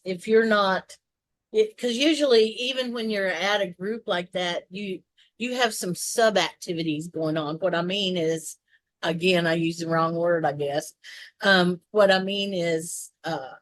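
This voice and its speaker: A woman's voice: on the low side, dry recording. A woman with a Southern US accent, co-hosting a casual chat, rambling through long explanations with restarts and asides. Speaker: co-host.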